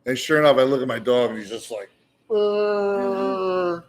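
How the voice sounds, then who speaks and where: A man's voice: mid-range voice, racing, a little hiss or hum. A man telling a long, profane story in casual conversation as a guest at a meadery bar.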